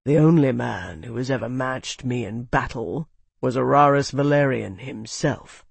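A confident mercenary blade, as the audiobook narrator voices him, pitched noticeably lower than the narration. He is laconic and utterly unbothered. The sound is dry and close. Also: a little slow, vocal fry, husky, no echo. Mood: calm. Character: cool, confident male swordsman mercenary.

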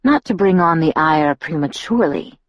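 A woman doing a restrained young man in an audiobook, speaking low and hushed in a measured, gently reproving way. The voice is dry and close, with no room around it. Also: lively intonation, no echo, lo-fi sound. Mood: teasing. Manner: quiet, measured, softly chiding. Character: restrained cool-handed young male lover. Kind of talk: audiobook narration.

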